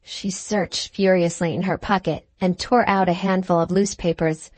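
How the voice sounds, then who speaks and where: Brief: low-pitched woman narrator, measured dramatic reading, dry close-mic audiobook. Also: fairly even intonation, a little mellow, no echo. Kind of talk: scripted narration.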